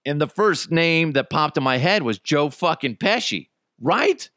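A man's voice: fairly high pitch, normal speed, no echo, studio quality. A man hosting a podcast, chatting casually and rambling, with frequent swearing. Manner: animated, profane, rambling. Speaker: podcast host. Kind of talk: casual comedic chat.

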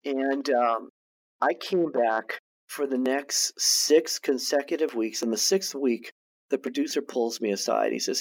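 A TV producer and director, guesting on a podcast, tells a story casually and animatedly, often restarting and repeating his words. His voice is medium in pitch and measured in pace.

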